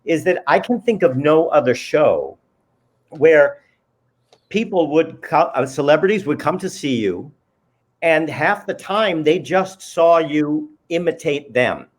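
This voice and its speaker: A man's voice: a little high, lively intonation, unhurried. A man hosting a casual interview chat, admiring his guests and searching for his words as he goes. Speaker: host.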